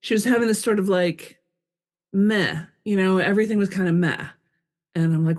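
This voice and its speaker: A woman's voice: mid-range voice, big pitch swings, moderate pace, a little mellow. A woman guest on a podcast, an author, talking candidly and expressively, acting out her own thoughts in quoted asides. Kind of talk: conversational interview.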